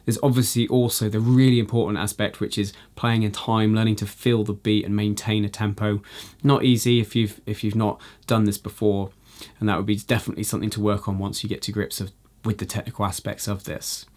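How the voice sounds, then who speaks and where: A man teaching a jazz guitar lesson, explaining in a relaxed way with frequent "you know" fillers. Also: on the low side, fairly quick, hardly any pauses. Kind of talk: instructional video lesson.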